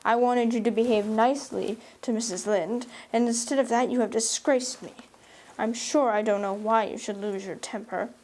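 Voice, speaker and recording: A stern, dry older woman, as a reader puts her on for a storybook, reproving and measured. Her voice is mellow and soft-edged, close to the reader's own and a touch lower and quieter. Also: steady tone, natural voice, poor audio. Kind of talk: audiobook reading.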